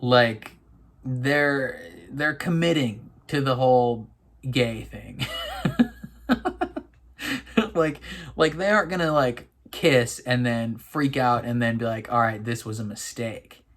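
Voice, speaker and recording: Slow, giggly rambling man reacting. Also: mid-range voice, a bit bright. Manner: rambling, giggly, lots of fillers and restarts. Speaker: reaction video host. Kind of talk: casual reaction commentary.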